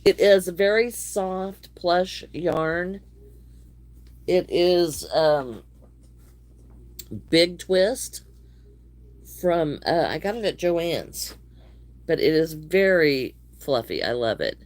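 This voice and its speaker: A woman's voice: fairly low pitch, expressive, very slow, long pauses. A middle-aged woman, chatting casually with viewers while she crochets, a little wheezy from allergies. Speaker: crochet livestream host. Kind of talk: casual livestream chat.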